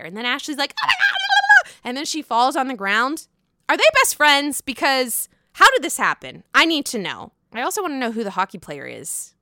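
A woman hosting a podcast, recapping reality TV in a gushing, profane, animated way. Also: sits high, dry recording, studio quality. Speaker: podcast host.

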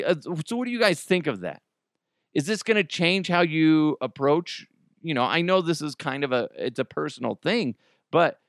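Animated man hosting a comedy podcast. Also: mid-range voice, dry recording, clean studio sound. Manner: animated, swears, jokey outbursts. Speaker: podcast host. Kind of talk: casual comedic commentary.

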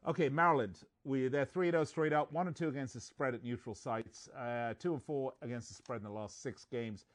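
Guy hosting a betting podcast, jokey, rattling off stats. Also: mid-range voice. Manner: joking, reads stats quickly. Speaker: sports betting podcast host. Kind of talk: casual sports betting chat.

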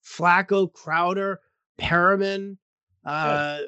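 A man's voice: sits high, steady tone, takes it slowly, bright, forceful tone, smooth, no room sound, lo-fi sound. A man hosting a casual sports betting talk show, talking loosely with frequent restarts. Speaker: sports betting podcast host.

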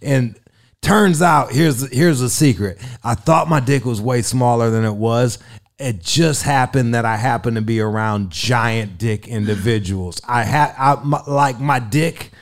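A man telling a story in casual podcast chat, rambling and swearing constantly, animated and comic, full of fillers. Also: medium pitch, unhurried. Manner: profane, rambling, lots of fillers.

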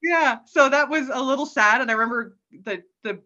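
A woman's voice: high voice, brisk, bright, forceful tone, highs cut off. A woman guest telling stories in a casual, chatty way, often adding "like" and "right?" and laughing. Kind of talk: casual storytelling.

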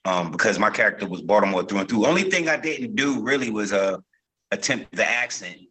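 A man from Newark chats as a guest actor in a casual podcast interview. His voice sits a little low but sounds bright and forward. He rambles, with plenty of ums, restarts and "you know"s. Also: brisk, husky, poor audio. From Newark, New Jersey. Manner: relaxed storytelling with many fillers and restarts.

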